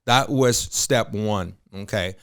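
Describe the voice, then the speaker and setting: Here a man in his fifties takes his time, his voice on the low side. He's a realtor guesting on a podcast, spinning lively, colloquial anecdotes and leaning on frequent fillers.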